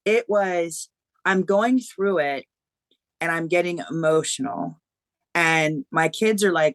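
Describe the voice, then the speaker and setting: A woman guest author on a podcast, telling a story in an animated, emotional way. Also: on the low side, takes it slowly, dry recording. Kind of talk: podcast interview.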